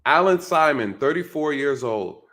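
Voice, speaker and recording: A man's voice: a little high, animated, normal speed, a bit bright. Man giving emphatic casual commentary. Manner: emphatic, repeats "right?" and "you guys", rhetorical questions. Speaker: commentator on news clips.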